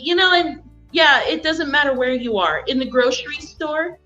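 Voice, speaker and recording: Bright, high-voiced chatty woman. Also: expressive, moderate pace, faint music behind, low-quality recording. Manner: chatty storyteller, quotes people, laughs often. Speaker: guest. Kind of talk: casual live chat.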